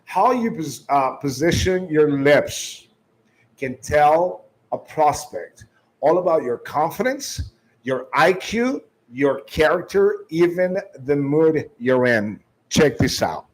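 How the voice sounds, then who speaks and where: A man's voice: a little high, big pitch swings, slow pace, poor audio. A man giving sales training, emphatic, restarting often and shifting his tone and volume to demonstrate.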